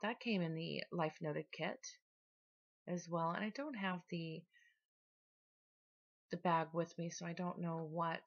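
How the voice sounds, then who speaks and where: A woman talking casually through her scrapbooking process in a relaxed, chatty voice-over. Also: on the low side, muffled recording. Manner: chatty, relaxed, with small restarts. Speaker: scrapbooking vlogger.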